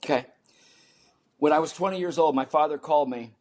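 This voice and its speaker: Animated older man telling stories. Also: fairly high pitch, brisk. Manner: animated, acts out the people in his stories. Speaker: guest. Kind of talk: storytelling in a podcast interview.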